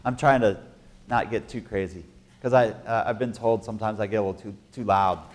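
A man preaching a sermon as pastor, emphatic, with halting restarts, swinging from soft asides to loud declarations. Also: fairly low pitch, fairly even intonation.

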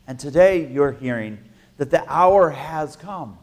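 A man preaching a sermon as pastor, emphatic, with halting restarts, swinging from soft asides to loud declarations. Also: on the high side, lively intonation.

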